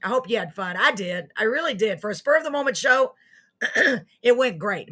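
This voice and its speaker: A woman's voice: a little high, animated, normal speed, fairly bright tone. A woman hosting a casual live online show, chatting to viewers in a friendly, self-mocking way. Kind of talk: casual livestream chat to viewers.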